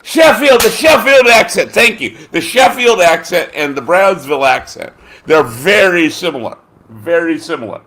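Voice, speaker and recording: Big swings in pitch mark this slightly high, somewhat bright male voice, delivered at a moderate pace. He's a podcast host in easygoing conversation, rambling, cursing, and hunting for names with many fillers.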